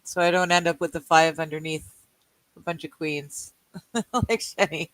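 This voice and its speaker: A Canadian woman chats through a livestreamed card game, reading viewer comments aloud and laughing at her own jokes. She talks at an unhurried, drawn-out pace. Her voice sounds dry and close, with no room around it. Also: low voice, fairly even intonation, no echo, poor audio. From British Columbia, Canada. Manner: reads chat aloud and jokes, laughing often. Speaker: livestream co-host. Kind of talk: casual chat while playing a card game.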